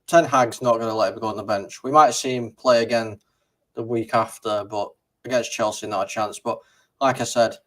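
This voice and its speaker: A man's voice: lowish voice, fairly even intonation, normal speed, a bit bright. A man co-hosting a fan show, giving blunt, firm football opinions in casual chat. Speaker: co-host.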